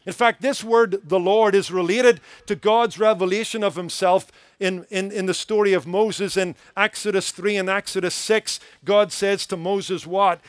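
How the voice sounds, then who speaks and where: A man's voice: high voice, steady tone, unhurried, hardly any pauses, dry recording. A man preaching a sermon as pastor, earnest and emphatic, building points through rhythmic repetition.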